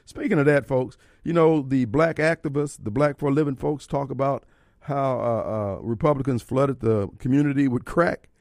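A man's voice: mid-range voice, normal speed, a little mellow, no room sound, studio quality. Fiery talk radio host, man. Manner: preachy, fiery, rhetorical questions. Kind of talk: opinionated talk radio monologue. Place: radio studio. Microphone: studio microphone.

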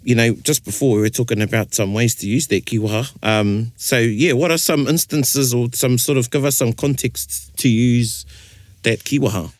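A man's voice: medium pitch, moderate pace, no room sound, clean studio sound. A man with a New Zealand accent hosting a casual podcast chat, explaining phrases in a playful way and mixing in Māori words. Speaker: podcast host.

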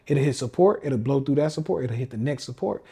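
A man's voice: medium pitch, animated, brisk, gravelly, dark tone, slightly rough. A man hosting a casual livestream rant as a trading coach, slangy and emphatic, often repeating himself. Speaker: podcast host and trading coach.

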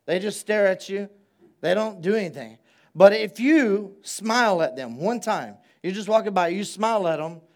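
At a church service, a high-voiced male pastor preaches in a loose, conversational style. He echoes key phrases for emphasis and invites responses from the people in the pews.

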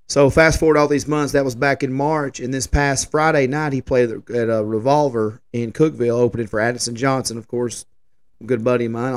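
A smooth-voiced man, chatting casually as a podcast host. His pitch sits in an ordinary middle range. He wanders through a story with lots of "you know" and "uh" along the way. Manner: rambling, folksy, many fillers and restarts. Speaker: podcast host and festival organizer.

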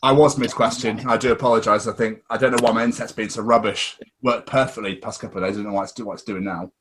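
A man's voice: on the low side, fairly even intonation, racing, a bit bright. A man hosting a podcast interview over a video call, chatty and apologetic. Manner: apologetic, chatty, laughs easily. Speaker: podcast host. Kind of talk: casual interview.

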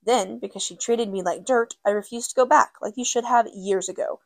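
A woman reading the part of a firm but gentle mother with a bitter edge in an audiobook. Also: fairly high pitch, fairly quick, vocal fry, no room sound.

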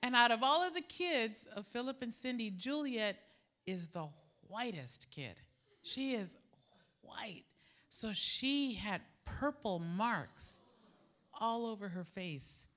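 A middle-aged woman preaching a sermon, telling a personal story and acting out the dialogue in an animated way. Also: takes it slowly. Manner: animated, acts out quoted dialogue with jumps in pitch. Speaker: preacher at a women's gathering.

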